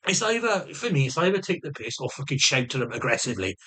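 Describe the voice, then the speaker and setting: Very animated and fast, his husky, sharp-toned voice sits at medium pitch. The middle-aged vlogger rants in a loose monologue, swearing heavily, repeating and restarting lines, and sometimes putting on other people's voices.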